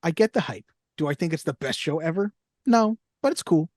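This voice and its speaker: A man's voice: fairly high pitch, lively intonation, a little fast, darkish tone, no echo, clean studio sound. A young man co-hosting a movie podcast in casual chat, reading cast lists and review quotes aloud. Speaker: podcast co-host.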